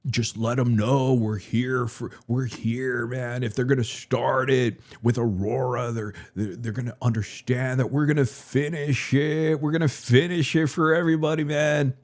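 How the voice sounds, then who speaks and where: A man's voice: mid-range voice, fairly even intonation, moderate pace, hardly any pauses. A man hosting a live stream, talking in a loose, profane, joking way and repeating himself. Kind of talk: rambling crude live stream commentary.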